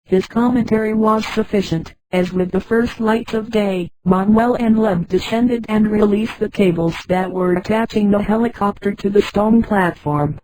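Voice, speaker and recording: A text-to-speech woman's voice narrating a story in a flat delivery, reading punctuation marks aloud. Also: mid-range voice, normal speed, few pauses, dry recording, rough recording.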